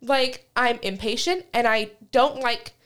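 A woman talks in a loose, venting chat, her voice sitting a little high. She is blunt and quick to curse, and she leans on fillers as she rants. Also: a bit bright. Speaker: podcast co-host. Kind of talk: casual chat.

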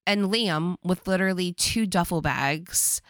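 Animated woman telling a story. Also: fairly low pitch, unhurried, dry recording, clean studio sound. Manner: animated storyteller, laughs along. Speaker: podcast co-host. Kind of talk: casual movie recap chat.

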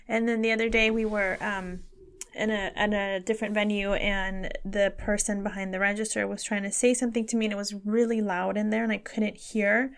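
A woman's voice: mid-range voice, brisk. A woman co-hosting a podcast, chatting casually and acting out quoted people as she tells stories. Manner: chatty, animated storyteller who acts out quotes. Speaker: podcast co-host. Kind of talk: casual chat.

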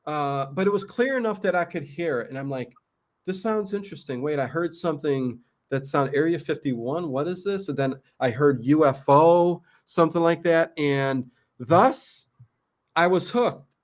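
A male host in casual conversation, spinning a story with enthusiasm. His voice sits somewhat high for a man. He talks loosely, with fillers and quick self-corrections. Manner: animated storyteller, many fillers and restarts. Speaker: podcast host. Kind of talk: casual chat.

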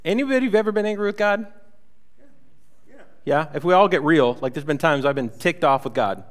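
Conversational pastor, slightly high voice. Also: male voice, animated, brisk. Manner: conversational, acts out paraphrased voices of the prophet with rhetorical asides. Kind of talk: sermon.

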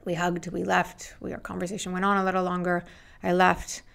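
A middle-aged woman, an interview guest, telling her story with animated, acted-out quotes. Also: lowish voice, brisk, creaky. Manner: animated, acts out quoted voices.

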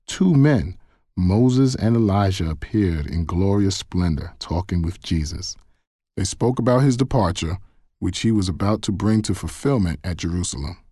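A man reading a Bible passage aloud in a measured, even way. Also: low-pitched, no room sound, studio quality. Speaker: Bible reader. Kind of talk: scripted scripture reading.

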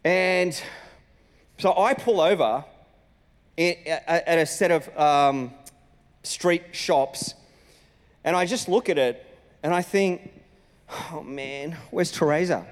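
A man, a senior pastor telling a personal story in a sermon with lively, animated delivery. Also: a little high, slow pace, pauses often. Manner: animated storytelling, acting out his own lines. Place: church auditorium. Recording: reverberant church hall.

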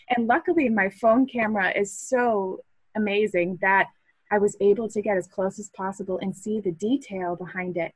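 A woman's voice: medium pitch, fairly even intonation, normal speed, breathy edge, dry recording, rough recording. Podcast guest: thirties woman, from Massachusetts, earnest and reflective, dry close mic. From Massachusetts, USA. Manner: earnest, reflective, with restarts and soft laughs. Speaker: podcast guest, hobby photographer. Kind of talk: casual interview chat.

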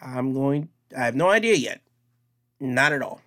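A man's voice: medium pitch, animated, moderate pace, a bit bright. A young man hosting his own podcast, signing off in a casual, rambling way, repeating himself. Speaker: podcast host.

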